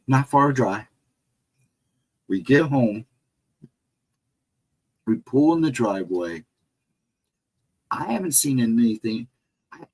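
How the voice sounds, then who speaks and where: A middle-aged man with a husky, breathy voice tells a personal ghost story in a loose, casual way. He rambles, backs up mid-sentence and walks through each turn and hallway in detail. His voice sits at an ordinary pitch for a man. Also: darkish tone, low-quality recording. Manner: rambling, retraces directions step by step, frequent restarts. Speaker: guest storyteller on a paranormal talk show.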